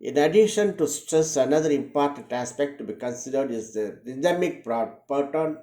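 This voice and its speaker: A man delivers a read-aloud lecture in a warm, mellow voice. He speaks in a measured way and repeats example words slowly to show where the stress falls. The recording carries a roomy echo. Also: medium pitch, expressive.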